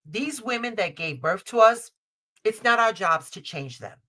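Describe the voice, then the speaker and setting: A middle-aged woman from Chicago leads a live-stream advice reading, her voice bright and forceful. She repeats her key lines for weight. She calls people baby and honey, and she swears without a second thought. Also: medium pitch, animated, measured pace. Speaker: tarot reader and show host. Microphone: streaming call setup.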